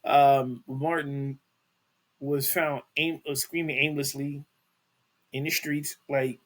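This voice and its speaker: A man's voice: medium pitch, steady tone, unhurried. A man hosting a casual celebrity news podcast, talking in a rambling way with many restarts and fillers. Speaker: podcast host.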